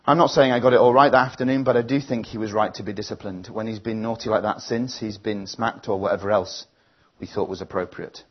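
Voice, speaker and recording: A man's voice: fairly low pitch, steady tone, brisk, slightly rough, highs cut off. A man preaching a sermon, telling a family story in an earnest, reflective way before leading a prayer.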